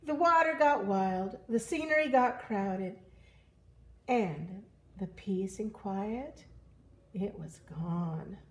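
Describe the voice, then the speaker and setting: A woman reading a children's picture book aloud, animated and expressive, doing voices for the animals. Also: mid-range voice, slow pace. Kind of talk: children's story read-aloud.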